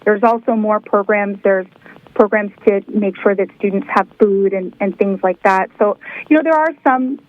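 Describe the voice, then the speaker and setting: A woman's voice: mid-range voice, normal speed, no echo, phone-quality sound. A woman and former teacher telling anecdotes in casual radio chat, often laughing. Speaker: former teacher, show guest.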